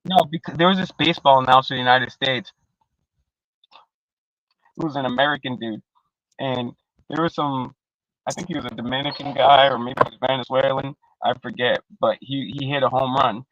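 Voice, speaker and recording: A man's voice: mid-range voice, brisk, pauses often, dry recording, highs cut off. A man in casual live-stream panel chat, rambling and profane, with lots of slang and restarts, on a video call. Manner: restarts often, animated.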